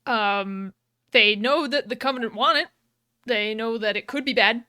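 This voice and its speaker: A woman's voice: on the high side, normal speed, sharp tone, no echo. A young woman co-hosting a podcast, retelling a game's story in a rambling, giggly way full of fillers and restarts. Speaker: podcast co-host. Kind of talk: casual chat, retelling a game's plot. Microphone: podcast microphone.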